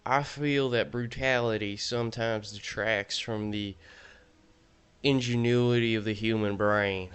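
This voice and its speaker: A man's voice: mid-range voice, fairly bright tone, smooth, lightly acted. A man putting on a Southern US accent to play a boastful, pompous self-styled intellectual in a comedic gaming video. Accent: Southern US (put on). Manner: pompous, drawling mock-serious pronouncements. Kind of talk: comedic put-on voice in gaming commentary.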